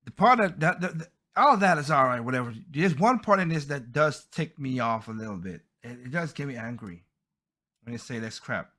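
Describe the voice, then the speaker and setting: A man's voice: medium pitch, expressive, a little fast, sharp tone. A man hosting a podcast, giving heated, blunt opinion commentary and often stumbling over and repeating his words. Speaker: podcast host.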